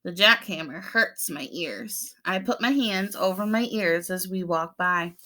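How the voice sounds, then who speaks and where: A young adult woman, a preschool teacher, reading a picture book aloud to young children, gently explaining the pictures, asking them questions and playfully acting out the sounds. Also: fairly low pitch, measured pace.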